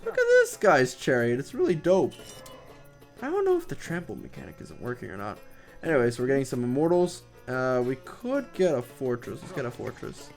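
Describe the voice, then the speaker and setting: A man's voice: mid-range voice, huge pitch swings, brisk, vocal fry. A man giving casual, rambling commentary over his strategy game, swearing now and then, with game music behind him. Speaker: gameplay commentator.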